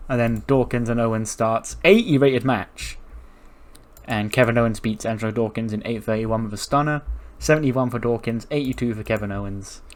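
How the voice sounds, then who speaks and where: A man's voice: mid-range voice, moderate pace. A man casually narrating a game session and reading out results. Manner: casual, chatty, acts out characters. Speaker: game streamer. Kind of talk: let's play commentary with role-play.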